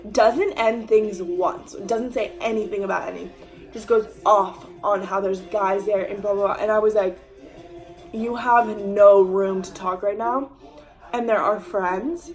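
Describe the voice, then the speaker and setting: A young woman talking straight to camera in a casual storytime, rambling and heavy on fillers and swearing. She acts out what other people said as she goes. Her voice sits at a middling pitch over faint background music. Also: fairly even intonation, a little slow, darkish tone, rough recording. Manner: chatty, full of "like" fillers and swearing, acting out quoted lines. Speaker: vlogger telling a story.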